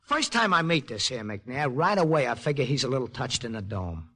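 An actor playing a tough-talking, streetwise war veteran who narrates the story in a 1940s radio drama, full of slang and wisecracks. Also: male voice, medium pitch, very animated, brisk, a bit bright. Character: wisecracking streetwise man, war veteran, gruff but kind. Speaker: narrator and lead character.

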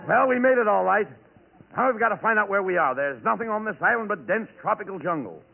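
A man playing the brisk, exasperated straight man in 1940s radio comedy. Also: high-pitched, animated, vocal fry, narrow, tinny audio. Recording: scratchy 1940s radio broadcast.

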